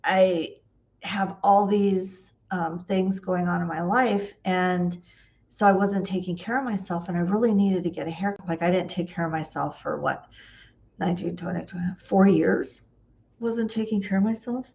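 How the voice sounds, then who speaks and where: A woman's voice: on the low side, moderate pace, vocal fry, a little mellow, highs cut off. A woman vlogger telling funny stories in a chatty way, laughing often and acting out the dialogue. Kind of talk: casual storytelling.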